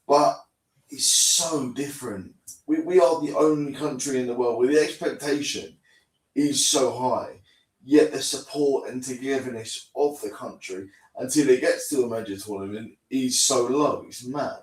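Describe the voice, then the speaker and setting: A man's voice: medium pitch, normal speed. A man from England co-hosting a casual football fan podcast, chatty and self-deprecating. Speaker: podcast co-host. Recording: roomy, slightly distant mic.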